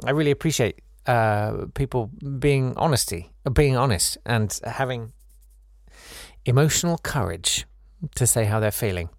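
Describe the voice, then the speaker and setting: A man hosting a podcast, chatting casually in a wry, rambling, gently self-mocking way as he reads out and answers listener messages. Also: medium pitch, no room sound, clean studio sound. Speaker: podcast host.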